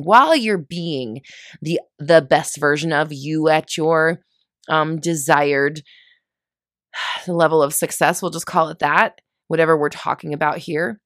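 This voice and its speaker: A woman's voice: lowish voice, moderate pace, fairly bright tone, no echo, clean studio sound. A woman coaching listeners in a casual motivational monologue, chatty and self-mocking when she loses her words.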